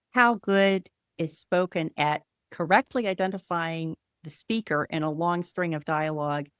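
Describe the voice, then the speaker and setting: A woman's voice: fairly low pitch, dry recording, studio quality. A woman hosting a podcast, asking her guest curious questions in a casual interview. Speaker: podcast host.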